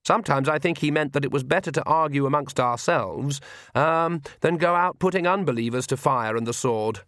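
A man's voice: a little high, normal speed, fairly bright tone, no room sound, clean studio sound, pitched above the performer's own voice, natural voice. A man voicing a nervous, earnest young male priest who halts and hesitates with many ums as he speaks. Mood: earnest, hesitant.

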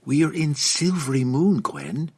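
A man's voice: on the high side, very animated, a little slow, slightly rough, pitched above the performer's own voice, full character voice. A man reading aloud and voicing a plucky young woman adventurer raised among dwarves, speaking in a folksy old-fashioned dialect in an audiobook. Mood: earnest, gentle.

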